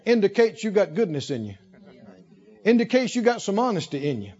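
A man preaching a sermon with animated, rhythmic repetition and emphatic phrasing. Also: high voice, a little fast, dull audio.

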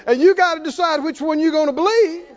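A male preacher delivering a sermon, exhorting his listeners and breaking into shouted laughter. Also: very high voice, quick pace, dull audio, a faint crowd.

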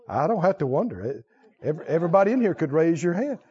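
Male preacher, sermon, animated, wide-ranging pitch, poses questions to the crowd. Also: breathy edge, lo-fi sound. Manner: animated, questioning the crowd, laughing now and then.

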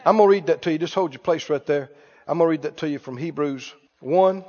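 A man's voice: a little high, quick pace, dark tone, in a large hall, dull audio. A man preaching a sermon in a church, emphatic and calling out questions for the congregation to answer.

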